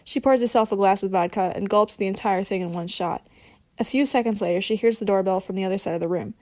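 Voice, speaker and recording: A woman narrating an audiobook with steady, even reading. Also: mid-range voice, fast, dry recording, studio quality.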